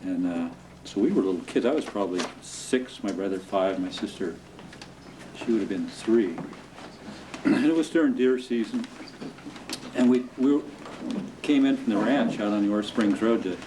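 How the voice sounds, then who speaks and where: An older man from the Northern California coast recalling childhood memories in an unhurried way, laughing through vivid moments, at a museum talk. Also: lowish voice, lively intonation. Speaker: storyteller guest. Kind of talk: anecdotal storytelling. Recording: distant mic with clear background noise.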